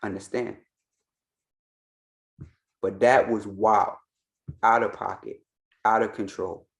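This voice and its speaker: A man's voice: fairly low pitch, fairly even intonation, takes it slowly, creaky. A man, an Ifa priest, giving insistent reaction commentary and hammering his points home by repeating them.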